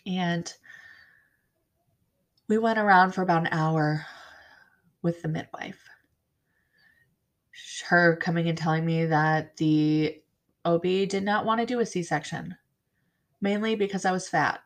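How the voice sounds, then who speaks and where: A woman telling her own story as a bereaved mother, halting and frank, with blunt swearing. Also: on the low side, steady tone. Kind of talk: personal storytelling to camera.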